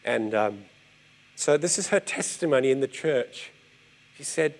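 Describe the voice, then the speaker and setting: Male preacher, animated storyteller, slightly high pitch. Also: normal speed. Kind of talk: storytelling sermon.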